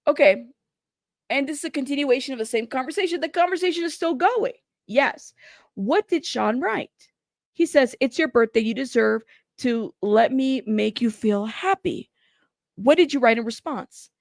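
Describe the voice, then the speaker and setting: Higher-voiced woman reading court transcripts. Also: moderate pace, gravelly, dry recording, clean studio sound. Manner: animated reactions to the text she reads. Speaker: trial news commentator.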